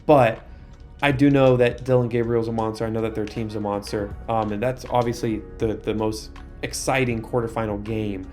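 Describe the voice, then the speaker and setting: A man's voice: lowish voice, steady tone, moderate pace, a little mellow, faint music behind. A young man giving casual commentary while playing a football video game, breaking into exasperated outbursts. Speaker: gaming YouTuber.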